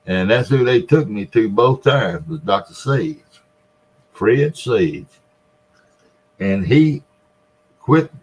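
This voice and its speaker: A man in his seventies with a Mississippi Delta Southern accent, telling a long story in a folksy way and laughing between lines. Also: lowish voice. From Mississippi Delta, USA. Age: 70s. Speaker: vlogger. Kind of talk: casual storytelling.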